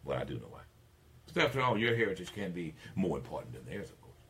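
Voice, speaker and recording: Emphatic older radio host. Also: male voice, very animated, fast talker, breathy edge. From Mississippi. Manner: emphatic, preachy, swings between low asides and loud declarations. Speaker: radio talk show host. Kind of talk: opinionated talk radio monologue.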